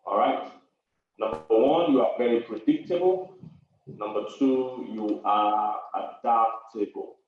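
A man's voice: lowish voice, a little slow, a little hiss or hum. A man, a pastor and marriage counselor preaching to an online audience. He stresses his points, repeats key phrases and laughs between them. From Africa. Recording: very echoey room, distant muffled mic.

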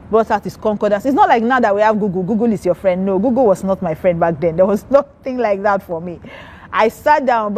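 A woman giving a sermon testimony, telling her story with animated, acted-out quoted voices. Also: medium pitch.

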